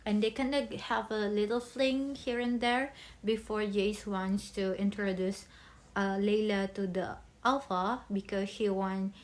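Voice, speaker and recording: A young woman talking about a favorite book in a bubbly, chatty way, speaking English as a second language, with pauses and restarts. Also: medium pitch. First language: not English. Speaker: book vlogger. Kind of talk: casual book chat.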